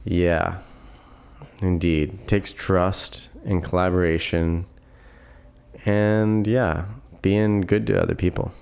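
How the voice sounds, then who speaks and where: A man in his twenties from Florida, a filmmaker guest on a podcast, telling rambling stories in a relaxed chatty way. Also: low voice, takes it slowly, gravelly, clear, resonant tone. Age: 20s. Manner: relaxed, rambling storyteller with laughs and fillers. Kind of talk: casual podcast chat.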